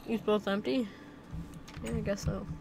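A woman's voice: medium pitch, steady tone, normal speed, gravelly, noisy background. Playful young woman rambling over a game. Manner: rambling, talks to herself, playful silly chants. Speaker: gameplay commentator. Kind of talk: casual let's-play commentary.

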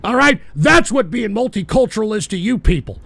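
A man with a high, gravelly voice hosts a live call-in talk show. His pitch jumps all over the place as he fires off profane, combative tirades and breaks into shouts. He sounds like he is picking a fight with his listeners. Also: expressive, brisk, dry recording. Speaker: show host.

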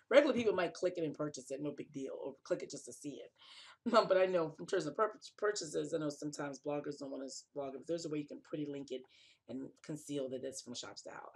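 Tired, husky-voiced blogger rambling through a tutorial. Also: mid-range voice. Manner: rambling, thinking aloud with restarts. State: tired, yawning. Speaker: fashion blogger. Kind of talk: screen-recorded tutorial.

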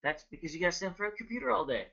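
A man in his thirties hosting a trading webinar, energetic and joking, chatting casually and greeting viewers by name. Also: sits high, rapid-fire, vocal fry, dull audio. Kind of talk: casual live webinar talk.

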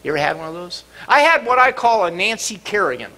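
A middle-aged man preaching a sermon in church, dramatic and expressive, sometimes acting out cries and shouts. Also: sits high, quick pace. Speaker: pastor. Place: church sanctuary.

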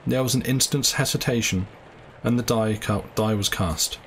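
A man giving a live, measured reading of a classic story as its narrator. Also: medium pitch, a bit bright, a little hiss or hum, rough recording. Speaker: audiobook reader.

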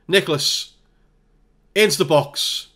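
A man giving exasperated, animated play-by-play while playing a football management game. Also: on the high side, slow. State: hay fever. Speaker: gaming YouTuber. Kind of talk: live game commentary.

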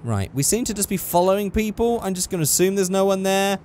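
A man's voice: high-pitched, quick pace, a little mellow, slight background noise. A young man giving sarcastic, exasperated running commentary while playing a driving game. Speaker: gaming channel host. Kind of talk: let's play commentary.

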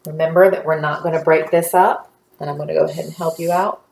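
A woman's voice: low voice, fairly even intonation, quick pace, gravelly, a little mellow. A woman teacher giving a phonics lesson to young children, guiding them patiently step by step. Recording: echoey room.

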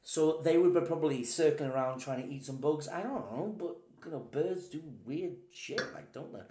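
A man's voice: on the high side, normal speed, dark tone, a little hiss or hum. A man chatting casually over wine at home as a co-host, rambling and reading viewer comments aloud. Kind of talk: casual tipsy chat. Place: home room, at night. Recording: echoey room.

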